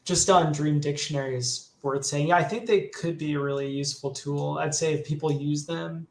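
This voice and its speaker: A man's voice: on the high side, steady tone, moderate pace, creaky. A man, a guest on a livestream chat, talking in a thoughtful, hedging way. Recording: echoey room, faint ambience.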